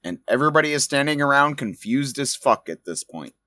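A man's voice: medium pitch, animated, brisk, pushed and bright, no echo. A man running a tabletop game as game master, narrating casually and with some swearing.

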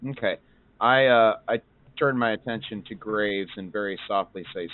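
A man's voice: fairly low pitch, normal speed. A man playing a tabletop game, carefully describing what his character does. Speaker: player. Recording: tinny call audio.

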